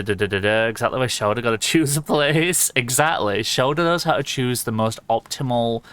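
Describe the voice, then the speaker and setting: A man's voice: medium pitch, fairly bright tone, smooth. Sweary, rambling young man. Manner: rambling, sweary, laughs often. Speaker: livestreamer. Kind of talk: casual gaming stream chatter.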